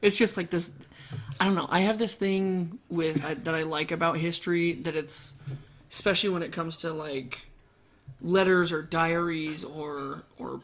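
A man's voice: on the high side, steady tone, moderate pace, a bit bright. A young man co-hosting a casual chat, chatty and curious, swearing freely. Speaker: podcast co-host.

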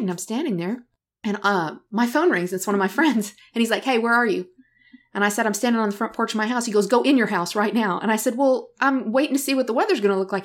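Lively laughing woman podcast host. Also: on the high side. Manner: animated storyteller who laughs often and acts out quotes. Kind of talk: casual podcast chat.

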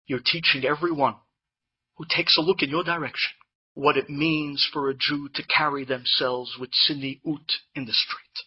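Husky-voiced man telling a story. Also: a little high, unhurried, dull audio. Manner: animated storyteller, mixes in Hebrew and Yiddish terms. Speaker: Torah speaker telling inspirational stories. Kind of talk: storytelling talk to a live audience.

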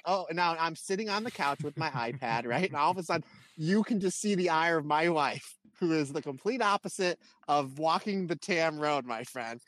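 Animated man telling a story on a podcast. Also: on the high side, fairly quick, no room sound. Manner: animated storyteller, acts out voices in anecdotes. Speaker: podcast co-host. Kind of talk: casual chat.

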